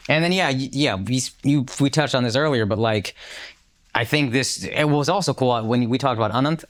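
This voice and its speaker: A man's voice: mid-range voice, fairly quick. A man co-hosting a podcast, telling a story in casual chat, acting out the voices of people he quotes and swearing freely. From United States. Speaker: podcast co-host.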